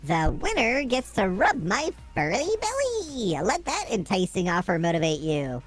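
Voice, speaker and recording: A man voicing a playful furry dog teacher in a game, bossy and teasing, in a squeaky sing-song way. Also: wildly swooping pitch, normal speed, faint music behind.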